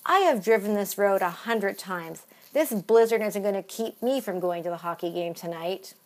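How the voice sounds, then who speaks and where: A woman's voice: mid-range voice, moderate pace, darkish tone, close to an everyday voice. A chirpy woman, played by a woman, folksy and proud of her home team. She talks in an easygoing way and drops eh and you betcha freely. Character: chirpy Canadian woman, hockey-loving, says eh.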